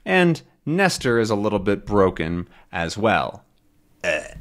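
A man teaching English, slowly explaining a comic to learners in simple, repeated words. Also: lowish voice, sing-song. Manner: slow, simple, repetitive explanations.

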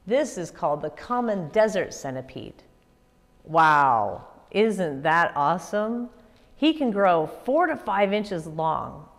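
A woman children's pastor giving a kids' church lesson, upbeat and expressive as she tells stories to children. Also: on the low side. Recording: echoey room with long reverb.

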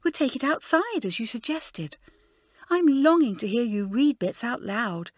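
A woman reading an audiobook, voicing an excited schoolgirl who gabbles eagerly. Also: fairly high pitch, unhurried, no echo, clean studio sound, pitched above the performer's own voice. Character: gushing excited schoolgirl chatterbox. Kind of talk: audiobook character voice.

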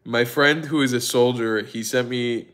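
A man hosting a casual livestream, telling stories in an excitable, profane way and laughing often. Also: medium pitch, measured pace. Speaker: livestream host.

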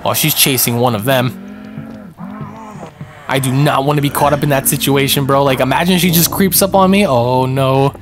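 A young man giving live commentary on a multiplayer game, excitable and panicky, yelping and throwing in a lot of slang. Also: mid-range voice, moderate pace. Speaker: gaming streamer.

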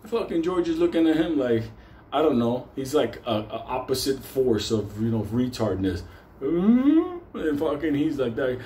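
A man's voice: medium pitch, moderate pace. A man telling a casual story, swearing constantly and laughing as he goes. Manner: animated, swears constantly, laughs through the tale. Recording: roomy echo with faint noise.

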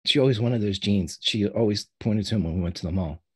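A man voicing a confused, tearful teenage boy in a tabletop game, pleading and halting, repeating himself. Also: lowish voice, slightly rough. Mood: wistful.

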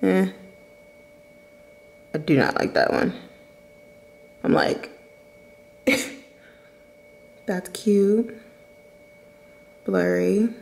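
Drawing out her words in a mid-range, darkish voice with vocal fry and long pauses, this young vlogger is heard over a low-quality recording. She talks straight to viewers in a chatty, laugh-filled way, starting at home and then going to a restaurant.

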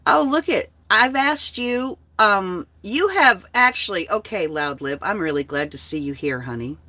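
A woman's voice: mid-range voice, expressive, a little slow, pushed and bright. A woman talking on her own livestream, blunt and heavily profane. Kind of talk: casual livestream talk.

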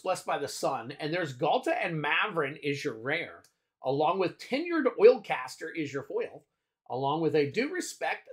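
A man's voice: fairly high pitch, fairly bright tone. Chatty man reading off card names. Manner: chatty, lists cards aloud with little asides. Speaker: card-opening channel host. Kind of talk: casual card-opening commentary.

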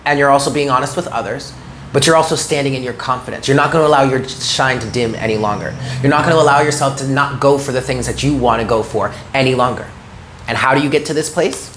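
There's slight background noise as a man with a mid-range, fairly bright voice gives a tarot reading. He sounds earnest and reassuring, repeatedly checking in by saying "okay?"

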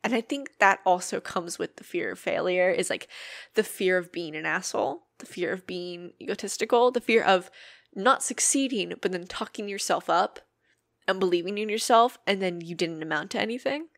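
A woman's voice: on the low side, moderate pace, vocal fry, no room sound, clean studio sound. A woman hosting her own podcast, talking earnestly and emotionally in a personal monologue and swearing freely. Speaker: podcast host.

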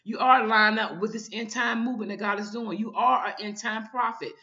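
A woman's voice: a little high, steady tone, brisk, sharp tone, highs cut off. A woman minister giving an informal online sermon, fervent and often repeating her calls to the listener.

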